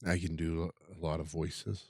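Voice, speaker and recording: A man chatting as a podcast guest, telling stories in a laid-back way with halting restarts. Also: low voice, flat delivery, darkish tone, no echo, clean studio sound. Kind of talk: casual chat.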